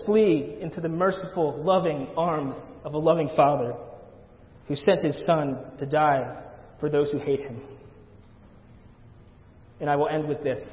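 Earnest man preaching in an echoey church. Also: on the high side. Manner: earnest, pleading, repeats phrases for emphasis. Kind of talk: sermon. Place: church sanctuary. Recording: echoey church hall, dull lo-fi sound.

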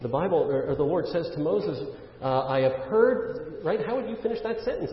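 A man's voice: on the high side, lively intonation, moderate pace. A man preaching a sermon as pastor, earnest and full of rhetorical questions, with frequent "uh" fillers. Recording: dull, roomy church recording with long reverb.

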